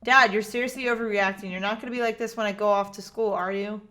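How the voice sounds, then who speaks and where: A woman's voice: mid-range voice, fairly even intonation, quick pace, sharp tone, slight background noise, natural voice. Woman reading as a breezy teasing teenage daughter. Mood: dismissive. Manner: offhand, teasing. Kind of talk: reading a visual novel aloud.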